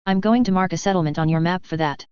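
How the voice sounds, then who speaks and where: A woman voicing a dry-humored young male survivor in a story reading, low and smooth, on dull lo-fi audio. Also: quick pace, dry recording, lightly acted. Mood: flat. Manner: flat, wry, joking.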